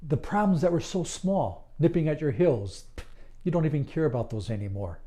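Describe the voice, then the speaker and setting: Calm, soothing hypnotist man, mellow tone. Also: a little high, moderate pace. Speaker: certified hypnotist. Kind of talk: slow, earnest promotional monologue.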